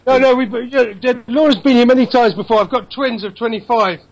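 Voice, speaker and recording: A man in his fifties from England, chatting about football over a video call, opinionated and quick with asides. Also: extremely high pitch, poor audio. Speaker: football commentator guest.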